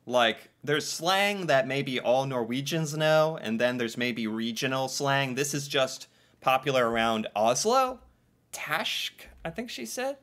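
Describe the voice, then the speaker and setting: A man reacting to each word and thinking it through out loud, with frequent laughs. His voice is bright and swings widely in pitch. The talk is loose and casual. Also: expressive, slow pace. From United States. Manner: musing aloud, laughing often. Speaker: reaction video host.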